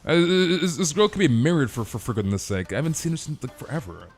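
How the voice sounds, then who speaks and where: A man's voice: on the high side, lively intonation, soft background music. Emphatic, ranting male game streamer. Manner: emphatic, ranting, peppered with "dude" and mild swearing; stammers with quick repeated restarts. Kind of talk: casual live-stream chat while gaming.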